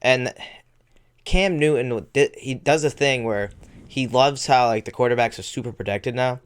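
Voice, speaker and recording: A man's voice: mid-range voice, normal speed, smooth. A man co-hosting a podcast, talking football in a laid-back, hesitant way. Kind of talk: casual sports chat.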